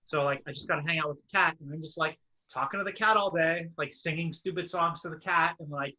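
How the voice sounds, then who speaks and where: A man's voice: a little high, fairly even intonation, quick pace, few pauses, pushed and bright, dull audio. A young man co-hosting a casual chat, talking loosely with many fillers and explaining a project step by step. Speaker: podcast co-host.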